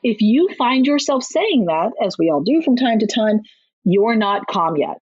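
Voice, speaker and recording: A woman with a husky, slightly breathy voice talks frankly and briskly about parenting, laughing easily as she makes her points. The sound is dry and close, with a dull, lo-fi tone. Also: fairly high pitch, very animated, darkish tone, no room sound. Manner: candid, brisk and down-to-earth, with frequent laughs. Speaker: parenting author and guest. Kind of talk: conversational advice in a podcast interview.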